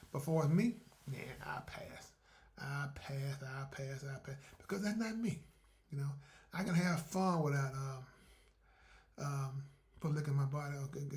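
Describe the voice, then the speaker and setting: Alone on his podcast, a man whose voice is fairly high with a darkish tone rambles in a homespun manner, doubling up on words and staging brief dialogues.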